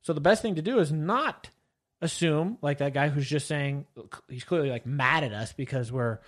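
A man's voice: a little high, moderate pace. A man co-hosting a casual chat show, rambling a little and reading listener comments aloud. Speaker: podcast co-host.

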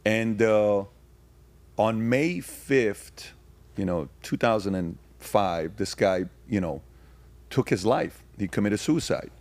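A man with a fairly low voice speaks as a guest on a podcast. He tells stories in a casual way and then presses his point with pointed rhetorical questions. The sound is dry and close to the mic. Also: takes it slowly, a little mellow, no echo. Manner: grows emphatic and rhetorical, firing questions; frequent fillers and restarts. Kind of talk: casual conversation, storytelling.

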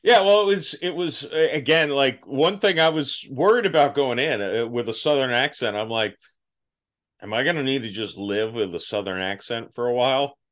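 Male podcast host, young adult, casual and self-mocking, mid pitch. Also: moderate pace, a bit bright. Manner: self-deprecating, laughing at his own stories. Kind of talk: casual interview chat.

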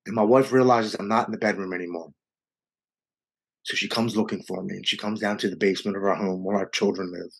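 A man candidly telling a raw personal story in an interview, speeding up and slowing down as the emotion rises. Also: on the low side, steady tone, creaky, slightly rough. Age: adult with young children. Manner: earnest, raw, quickens and slows with emotion. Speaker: guest sharing his recovery story.

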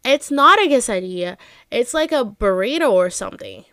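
Female podcast co-host, casual storyteller, foul-mouthed, clear tone, dry close sound. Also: fairly high pitch, lively intonation, moderate pace, bright, forceful tone, no echo. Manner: swearing, storytelling with lots of "like". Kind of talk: casual chat.

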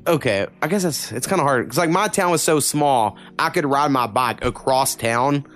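A man's voice: mid-range voice, moderate pace, fairly bright tone. A young man from Oklahoma in casual podcast chat, rambling with lots of fillers and swearing. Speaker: podcast co-host.

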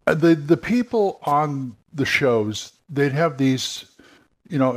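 Speaking at a medium pitch, an older former radio worker turned game master chats loosely and wanders from point to point. He frequently acts out short bursts of different voices.

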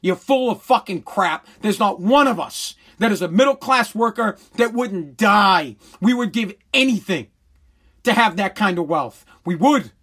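A man's voice: sits high, expressive, unhurried, fairly bright tone, breathy edge. A man delivering a blunt, heated, sarcastic opinion rant full of crude swearing.

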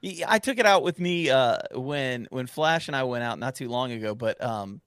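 A man's voice: mid-range voice, expressive, a bit bright, clear, resonant tone, dry recording. Easygoing male podcast co-host, dry sound. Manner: easygoing, quick to agree, teasing. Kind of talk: casual chat.

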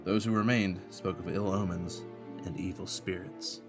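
A sixteenth-century Spanish explorer, as a game master puts him on in a hammy Spanish accent, recounts his journal solemnly over background music. The voice sits fairly low, and each entry is read in a steady, measured way. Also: close to an everyday voice. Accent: put-on Spanish accent.

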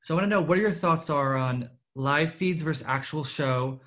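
A man's voice: fairly high pitch, normal speed, fairly bright tone. A man hosting an interview, asking long questions with many hesitations.

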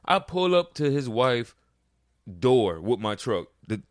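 A man's voice: medium pitch, slow, dry recording, studio quality. A man on a podcast telling a long story in casual chat, acting out what others said. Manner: animated storyteller, acts out quoted lines. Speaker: podcast co-host.

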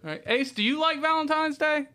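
A man co-hosting a casual podcast, chiming in with quick jokes and questions. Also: extremely high pitch, pushed and bright. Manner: quick joking interjections, chiming in. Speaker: podcast co-host.

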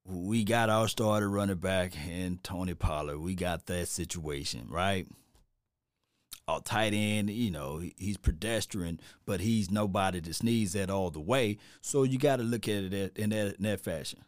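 Man, middle-aged, sports talk host, animated, rambling, preachy asides, dead dry sound. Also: sits low, unhurried, no echo. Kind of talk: opinionated casual sports talk.

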